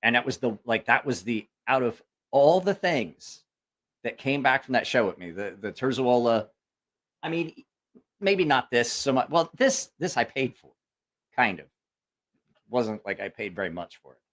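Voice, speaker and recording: A man's voice: medium pitch, big pitch swings, moderate pace, fairly bright tone. A man hosting a casual livestream and telling a rambling, profane story full of quoted voices. He has a school-age kid. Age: adult with school-age child. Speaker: livestream host.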